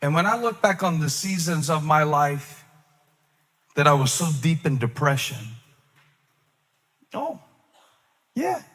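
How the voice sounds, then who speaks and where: A man preaching a sermon as a pastor, swinging between loud, sing-song peaks and hushed, low asides, with touches of humor. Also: sing-song, slow pace, pauses often, in a large hall.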